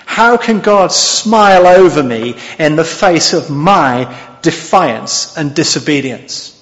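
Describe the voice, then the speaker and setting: A man's voice: fairly high pitch, lively intonation, slow pace. A male preacher giving an expository sermon, often asking the congregation questions. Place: church hall. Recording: dull sound with long hall reverb.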